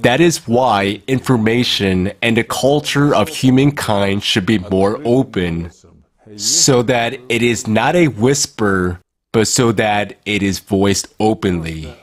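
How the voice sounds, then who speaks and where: Slow, low-voiced man giving a formal speech. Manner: slow, measured delivery. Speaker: conference speaker.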